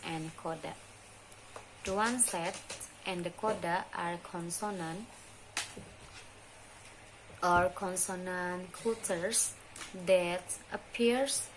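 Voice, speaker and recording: A young woman, a student, presenting a phonology lesson in slow, halting, deliberate speech. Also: lowish voice, a little hiss or hum, rough recording. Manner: deliberate, halting delivery with restarts and mispronounced terms. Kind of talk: slow, careful lesson reading.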